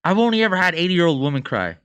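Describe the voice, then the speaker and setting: A man's voice: high-pitched, sing-song, racing, fairly bright tone, clear, resonant tone. A man co-hosting a podcast, telling a story casually with slang and frequent laughter. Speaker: podcast co-host.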